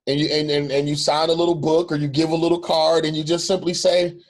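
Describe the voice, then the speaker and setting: Earnest male pastor, higher voice. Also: little pitch movement, fast talker, hardly any pauses. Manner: earnest, repeats phrases for emphasis. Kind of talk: reflective conversation.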